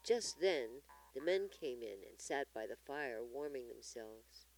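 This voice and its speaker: A storyteller reading a children's story aloud in an expressive manner. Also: mid-range voice, measured pace, faint music behind, poor audio.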